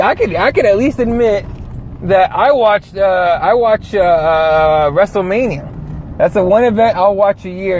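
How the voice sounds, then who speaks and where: Swearing, high-voiced man ranting in a car. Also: muffled recording, slight background noise. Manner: rambling, swears a lot, reads chat comments aloud. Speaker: show host. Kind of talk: casual profane rant.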